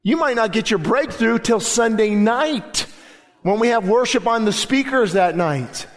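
A man preaching a sermon as pastor, with a fervent delivery in a church service that swells to loud, emphatic declarations. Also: very high voice, animated, a little slow. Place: church sanctuary during a service.

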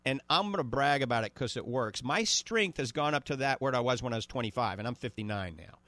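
A man in his fifties with a New Orleans accent, hosting a radio call-in show and pitching a supplement, often checking in with "okay?". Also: expressive, fairly quick, a bit bright, no echo. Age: 50s. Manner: salesy, repeats "okay?" and "all right?" to the listener. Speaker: radio host selling supplements.

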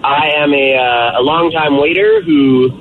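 A man calling in to a radio show and telling a story in a loose, rambling way full of fillers. His voice sits a little high. The sound is a thin phone line with faint noise underneath. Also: a little slow. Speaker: caller.

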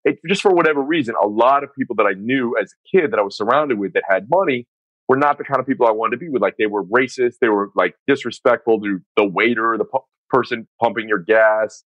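A man's voice: mid-range voice, fast talker, dry recording, dull audio. A middle-aged man from the Northeastern United States, talking candidly as a coach and guest in a casual podcast conversation, with lots of fillers. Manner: candid, animated storytelling with many fillers.

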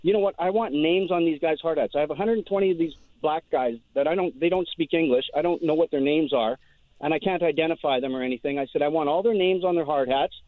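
A caller on a dry, tinny phone line tells his story in a rushed ramble. His voice sits fairly high for a man, and he races along, repeating words as he goes. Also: no echo.

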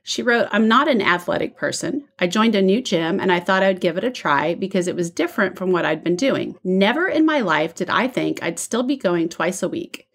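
A woman's voice: on the low side, animated, moderate pace, hardly any pauses. A woman co-hosting a podcast from a room at home, chatting and reading listener letters aloud. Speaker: podcast co-host.

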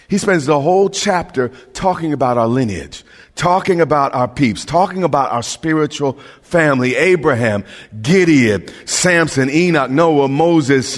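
A male pastor preaching a sermon with passion, repeating words as he builds and sometimes shouting. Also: fairly high pitch. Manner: impassioned preaching with stammered restarts, rising to shouts. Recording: long hall reverb.

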